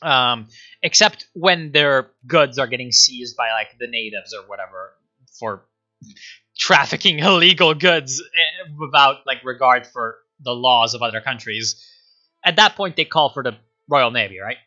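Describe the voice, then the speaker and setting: A man's voice: mid-range voice, expressive, measured pace, sharp tone, lo-fi sound, faint music behind. A man streaming a rambling, sardonic history chat, full of fillers and asides. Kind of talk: casual history talk on a live stream.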